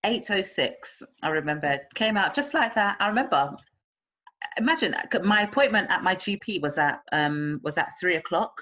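Woman chatting, husky voice, lower pitch, acts out everyone she quotes. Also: normal speed. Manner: lively storyteller, acts out quotes, laughs a lot. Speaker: new mother telling her birth story. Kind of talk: casual chat.

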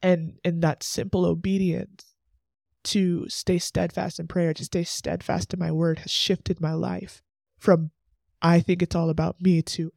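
Earnest young man with a gravelly edge. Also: high-pitched, level tone, measured pace, darkish tone, no room sound, clean studio sound. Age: 20s. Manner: earnest, emotional, chatty with many "like" asides. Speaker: podcast host. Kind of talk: faith podcast monologue.

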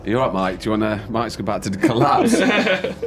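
Lively, low-voiced player. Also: male voice, a little fast, soft background music. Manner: excitable and jokey, with lots of banter. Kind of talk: casual chat at a game table.

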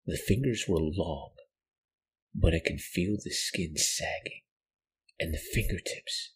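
A man narrating a horror story in a slow, hushed, dramatic way. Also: low voice, gravelly, slightly rough. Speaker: podcast narrator.

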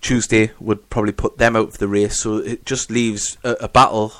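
A man's voice: on the low side, flat delivery, moderate pace, a bit bright, dry recording. A man hosting a casual fan podcast, rambling and chatty as he reads out listener messages. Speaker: podcast host.

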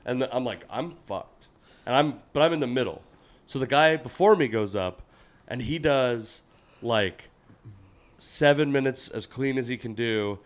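A man's voice: medium pitch, moderate pace. A man, a comedian hosting a podcast, trading gig stories in loose, swearing banter. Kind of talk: casual chat.

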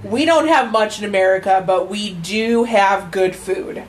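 A woman's voice: mid-range voice, measured pace, a little hiss or hum, rough recording. Profane, rambling woman podcast host. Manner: profane, rambling, lots of fillers. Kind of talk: casual true-crime podcast chat.

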